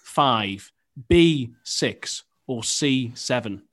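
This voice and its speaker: A man hosting a football quiz on a podcast, reading questions in a dry, measured way. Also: mid-range voice, expressive, a bit bright.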